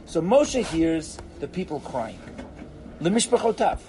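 A man teaching an animated Torah class, theatrical, acting out characters and sprinkling in Hebrew phrases. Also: a little high, measured pace, slight background noise, poor audio.

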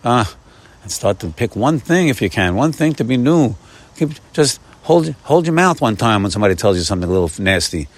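A man's voice: medium pitch, brisk. A man teaching Torah in an informal morning talk, urging listeners on with repeated phrases and sudden bursts of emphasis. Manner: warm repetitive exhortation, often saying "my friends"; animated, rising bursts of emphasis.

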